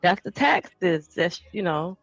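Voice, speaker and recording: A woman in a casual live-stream chat, an animated storyteller who acts out the voices of the people she quotes. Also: lowish voice, slow, no room sound, lo-fi sound.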